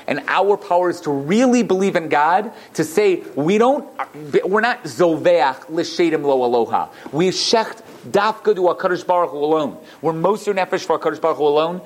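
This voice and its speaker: A man, a rabbi, tells a story in a Torah class, animated, with many restarts and asides. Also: fairly high pitch, fairly quick, hardly any pauses.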